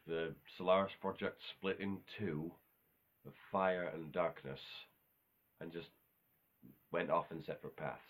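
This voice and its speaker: Deep-voiced man rambling offhand. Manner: rambling and offhand, with casual swearing and self-corrections. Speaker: video host ranking game villains. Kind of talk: casual unscripted monologue.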